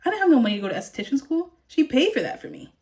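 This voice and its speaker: Candid young woman, slightly high voice. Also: big pitch swings, rapid-fire, darkish tone. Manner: candid and emphatic, swears, laughs often. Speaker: vlogger. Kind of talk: personal storytelling.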